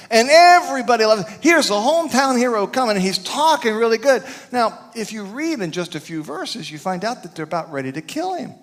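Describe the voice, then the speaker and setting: Animated pastor preaching in a reverberant hall. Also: male voice, sits high. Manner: animated, shouts for emphasis, drops to a hush. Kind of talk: sermon. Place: church sanctuary.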